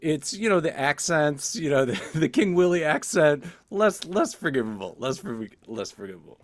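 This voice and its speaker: A man's voice: a little high, expressive, normal speed, no echo, clean studio sound. A man co-hosting a casual film discussion, rambling loosely with plenty of fillers.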